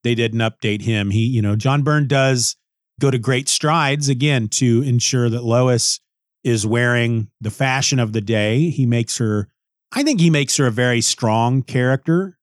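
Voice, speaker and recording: Casual comic reviewer, male, mid-pitched, dry close sound, musing and self-correcting. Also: unhurried, dry recording. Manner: rambling, musing, frequent restarts and hedges.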